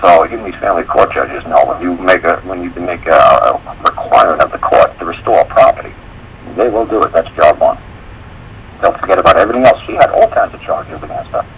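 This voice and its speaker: A man's voice: low-pitched, muffled recording, a little hiss or hum. A man hosting a radio talk show, telling stories in a rambling way and acting out the dialogue he quotes.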